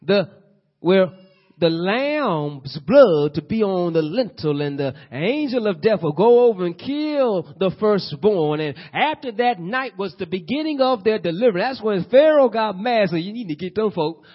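High-voiced preacher man with lo-fi sound. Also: sing-song, measured pace. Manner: preaching with rising bursts and call-and-response questions. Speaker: pastor. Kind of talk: sermon.

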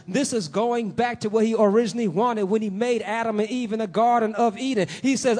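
Man, high voice, preaching a sermon, swells of emphasis, questions for the congregation. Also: animated, a little fast, few pauses, darkish tone, breathy edge.

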